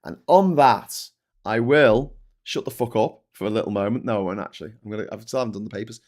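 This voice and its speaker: A man's voice: lowish voice, fast talker, a little mellow. A man with an English accent hosting a casual live-stream chat, ranting and swearing freely as he reads viewer messages and newspapers. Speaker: host.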